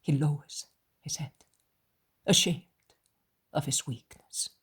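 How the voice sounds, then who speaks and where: Woman audiobook narrator, hushed and solemn, breathy and unhurried. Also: sits low, fairly even intonation.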